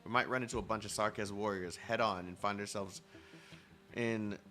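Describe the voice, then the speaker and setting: A man's voice: lowish voice, steady tone, moderate pace, sharp tone, soft background music. A man voicing a hesitant, worried young woman fighter in a game story.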